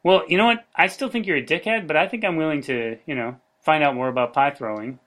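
A man hosting an improvised comedy podcast, playing the dry, deadpan straight man. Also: a little high, quick pace. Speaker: host.

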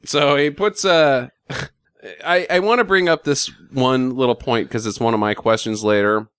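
A man in casual chat recapping a film, animated, swearing freely and dropping into silly voices. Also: medium pitch, moderate pace, clear, resonant tone, dry recording, clean studio sound. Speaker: podcast co-host recapping a film.

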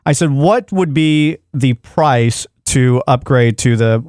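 A man hosting a radio talk show from the studio, telling a story with lively banter and acting out both sides of a phone call. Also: medium pitch, slow, no echo.

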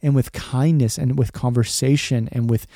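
A man's voice: medium pitch, steady tone, normal speed, vocal fry, dark tone, no room sound, clean studio sound. A man in his thirties hosting a faith podcast, talking earnestly in a conversational way, full of "like" and restarts. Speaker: podcast host. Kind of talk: casual faith podcast talk.

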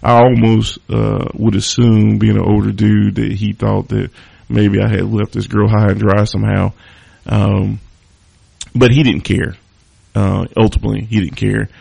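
A man with a low, heavily gravelly voice tells a long personal story on his podcast. He rambles casually, swears freely and leans on fillers. The sound is dry and close, with no room around it. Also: level tone, measured pace, dark tone, no echo. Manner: loose and profane, heavy on fillers. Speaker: podcast host.

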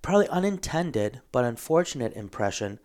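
Man explaining, clearing his throat often. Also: medium pitch, very animated, fairly quick, a little mellow. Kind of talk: casual theological discussion.

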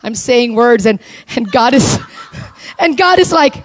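A woman's voice: expressive, a little slow. Impassioned woman preaching a sermon. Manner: impassioned, swings from soft and low to high exclaiming calls. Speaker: preacher at a women's conference.

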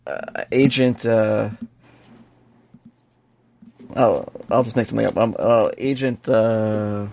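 A man's voice: fairly low pitch, slow, gravelly, a little mellow, slight background noise. A man playing a tabletop game, stammering and improvising his lines. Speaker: player.

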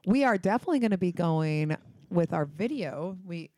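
A woman's voice: on the low side, lively intonation, moderate pace, a little mellow, no echo. A woman co-hosting a casual podcast, joking and laid-back. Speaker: podcast co-host. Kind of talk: casual chat.

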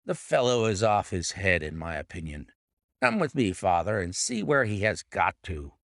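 A man's voice: low voice, big pitch swings, moderate pace, vocal fry, a bit bright, dry recording, clean studio sound, voice pushed down, heavily acted. A male audiobook narrator voicing a jaunty, brash young man who speaks hastily and dismissively.

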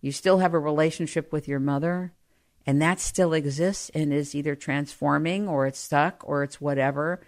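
A middle-aged woman telling personal stories, growing more animated as she goes. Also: deep voice, moderate pace. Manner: animated, grows livelier and louder as she tells anecdotes. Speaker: storyteller. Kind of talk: personal storytelling.

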